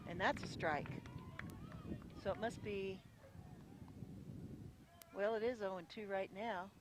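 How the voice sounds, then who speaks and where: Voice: mid-range voice, fairly even intonation, slow, background noise. Chatty ballpark radio announcer outdoors. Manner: chatty, folksy, often unsure of details and self-correcting. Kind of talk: live radio sports commentary. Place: outdoors at a windy high school ballpark.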